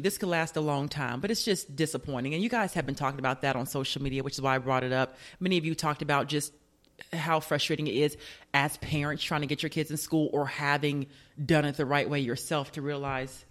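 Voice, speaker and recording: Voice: mid-range voice, fairly quick, fairly bright tone. A radio show host in casual commentary, chatty and joking, firing off rhetorical questions.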